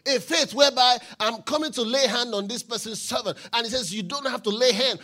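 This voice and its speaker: A man preaching a sermon, reading scripture aloud and building to shouted declarations. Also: very high voice, fairly quick, hardly any pauses. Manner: Bible reading with call-and-response, rising to shouted declarations.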